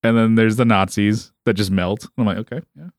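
A man chatting on a podcast in an animated way, swearing and acting out scenes. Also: lowish voice, normal speed, no echo, studio quality. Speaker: podcast producer. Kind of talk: casual chat.

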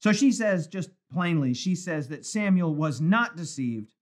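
A male pastor teaching a Bible study in an animated, conversational way. His voice sits high and rises and falls a lot. He stresses points by repeating words, and he sounds like he is talking into a phone or webcam for a live stream. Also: unhurried. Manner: animated, conversational, emphatic repetition.

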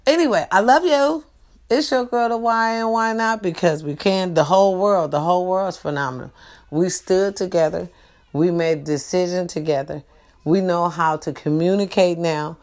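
Brief: young woman host, casual night chat, animated and teasing, streetwise tone. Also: on the low side.

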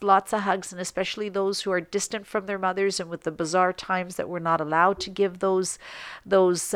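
A woman's voice: medium pitch, fairly bright tone, clear, resonant tone, dry recording. A middle-aged woman co-hosting a podcast, giving heartfelt advice in an earnest way, with frequent ums. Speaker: podcast co-host. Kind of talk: casual podcast chat.

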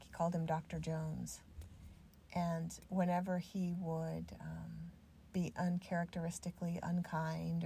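A middle-aged woman talks through her day on a solo podcast, her low voice carrying a gravelly edge. She sounds chatty and self-deprecating and turns gently reassuring. A faint hiss sits under the recording. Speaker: podcast host. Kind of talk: reflective solo podcast talk.

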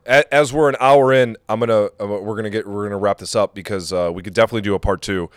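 A man's voice: lowish voice, steady tone, fast talker, dry recording, clean studio sound. A man hosting a podcast, chatting loosely and with profanity in a casual interview. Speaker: podcast host.

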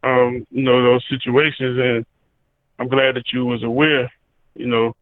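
A man hosting a casual interview, speaking in a halting way that repeats words. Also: medium pitch, little pitch movement, slight background noise. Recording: phone-like line.

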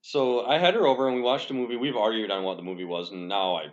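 A man's voice: lowish voice, quick pace. A young man hosting a casual podcast chat, telling a rambling, profane, self-deprecating story. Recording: dull lo-fi sound.

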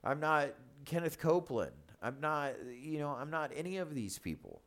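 A man's voice: fairly high pitch, expressive, moderate pace, a bit bright. A man co-hosting a faith podcast, talking bluntly and emphatically, often repeating himself. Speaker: pastor and podcast co-host.

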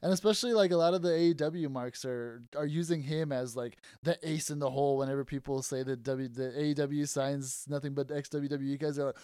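A man's voice: fairly high pitch, fairly even intonation, fairly quick, few pauses, warm tone, clean tone, no room sound, studio quality. A laid-back man in casual podcast chat, laughing easily. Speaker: podcast co-host.

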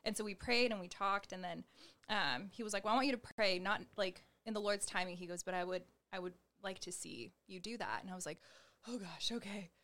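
A young woman tells her faith story to an interviewer in a loose, chatty way, with "like" in almost every phrase. She slips into the voices of the people she quotes and gestures as she talks. Her pitch sits in an ordinary middle range for a woman. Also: brisk, fairly bright tone. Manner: chatty, heavy use of "like", acts out quoted dialogue; gestures while talking. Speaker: guest sharing her testimony. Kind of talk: personal faith testimony in conversation.

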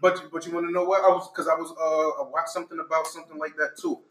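Male podcast co-host, bright and expressive, loose profane banter in an echoey room. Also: on the high side, fast talker. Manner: animated, profane, trails off and restarts. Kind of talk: casual chat.

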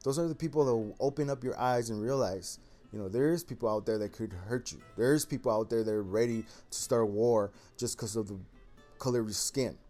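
A man's voice: medium pitch, brisk, mellow, faint music behind. Rambling, easygoing male video host. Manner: rambling and loose, heavy on "man", "you know" and "uh". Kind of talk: casual monologue commentary.

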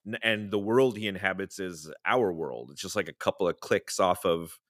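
A man's voice: deep voice, moderate pace, a bit bright, dry recording, studio quality. A man co-hosting a casual pop-culture podcast, joking wryly and restarting his sentences with stammers. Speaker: podcast co-host.

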